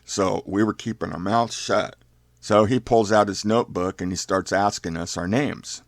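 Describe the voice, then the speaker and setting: An older man telling a youth story in a folksy, unhurried fireside manner. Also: lowish voice, no room sound, studio quality.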